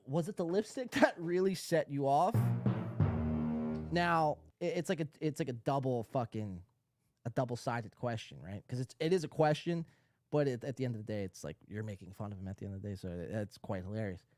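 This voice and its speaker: A man's voice: mid-range voice, a little fast, a little mellow, dry recording, studio quality, faint music behind. A man hosting a podcast, ranting in a sarcastic, profane, rambling way. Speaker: podcast host. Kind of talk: ranting commentary.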